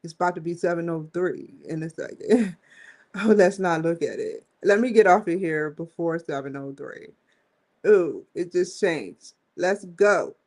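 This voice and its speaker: A woman's voice: on the low side, measured pace, darkish tone. A woman hosting a casual live stream, rambling and slangy, often giggling as she talks. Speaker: host.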